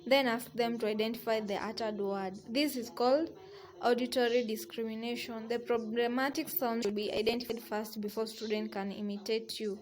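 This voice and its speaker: A woman lecturer reading a recorded lesson in a measured way, listing examples one by one with small restarts. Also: a little high, fairly even intonation, low-quality recording.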